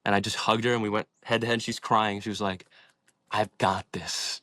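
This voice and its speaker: A man's voice: lowish voice, level tone, fast, sharp tone, no echo. A young man in his twenties, a podcast guest, telling his story in a passionate, inspirational way and swearing freely. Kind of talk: casual storytelling in an interview.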